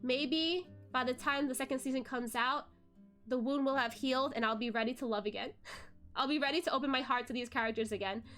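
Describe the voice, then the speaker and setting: Young woman VTuber host, high bright voice, emotional casual venting, faint music underneath. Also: brisk. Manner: emotional, animated, with frequent fillers and laughs. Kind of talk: casual chat to viewers, venting about a drama.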